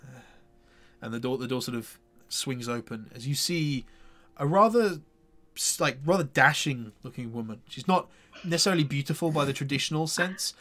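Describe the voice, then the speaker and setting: A male game master describing a scene in a tabletop game. He talks in a hesitant way and keeps restarting his sentences. His voice sits at an ordinary middle pitch. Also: lively intonation, moderate pace, fairly bright tone. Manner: hesitant, full of fillers and restarts.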